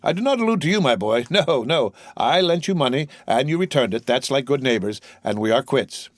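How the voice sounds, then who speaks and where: A man's voice: medium pitch, lively intonation, a little fast, dry recording, studio quality, close to an everyday voice. A man voicing a jovial, fawning young male tailor who talks with brash, overfamiliar cheer in an audiobook. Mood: hearty, ingratiating. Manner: grinning, overly familiar, brash.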